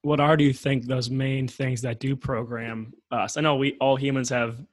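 A man's voice: mid-range voice, steady tone, normal speed, no echo. A male podcast host chats casually, laughing easily and letting thoughts trail off. His mid-range voice sits close and dry on the mic. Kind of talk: casual interview chat.

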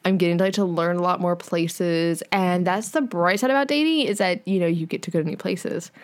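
A woman's voice: on the low side, fairly quick. A woman co-hosting a podcast in casual chat, talking freely with lots of fillers and casual swearing. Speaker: podcast co-host.

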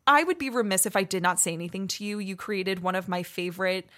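A woman's voice: mid-range voice, fast, pushed and bright. A young woman co-hosting a podcast, telling a giddy story in casual chat and acting out what people said. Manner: giddy storytelling, acts out quoted speech. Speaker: podcast co-host.

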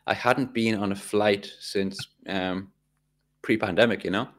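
A man's voice: on the low side, steady tone, unhurried. A man from the North East of England with a coastal Tyneside accent, chatting casually on a podcast and often restarting his sentences. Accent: North East English, Tyneside coast. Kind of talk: casual chat.

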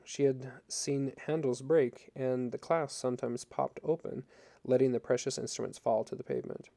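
A man reads a novel aloud at an even, measured pace. His voice is dark and mellow. A gravelly texture runs through his words. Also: medium pitch. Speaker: narrator. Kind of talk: audiobook reading.

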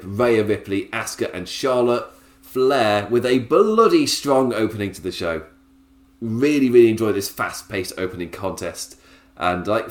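A man's voice: mid-range voice, reverberant. A man giving a casual, chatty review of a wrestling show. He laughs often and talks in loose, filler-heavy bursts. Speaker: wrestling podcaster.

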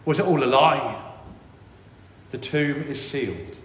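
A priest delivers a sermon in an echoey church with long reverb. His voice is mid-range and he takes it slowly, speaking in an animated way and voicing worried inner thoughts.

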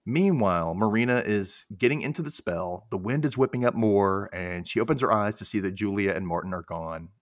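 A man's voice: on the low side, brisk, few pauses, no echo, clean studio sound. A man hosting a podcast, casually recapping a TV episode and acting out the characters' lines as he goes. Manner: animated storytelling, acts out quotes, laughs often.

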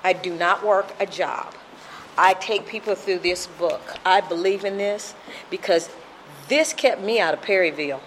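A woman's voice: fairly low pitch, measured pace, a little hiss or hum. A middle-aged woman telling her recovery story at a meeting, emotional and repetitive in her storytelling.

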